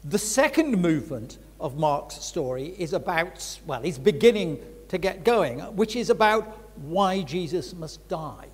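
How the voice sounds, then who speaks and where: A man's voice: on the high side, lively intonation, unhurried, few pauses, breathy edge. An older man giving a reflective Bible teaching talk as a preacher, frank and conversational, with emphatic stresses. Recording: long reverb of a large hall.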